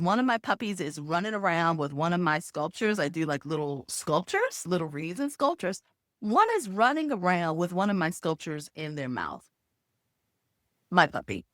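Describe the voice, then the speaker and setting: A middle-aged woman tells a personal story straight to camera in a lower voice that swings widely in pitch. She acts out the sounds and voices as she goes. The recording is close and dry, with no room echo. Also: fairly bright tone. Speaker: video host and former HR executive.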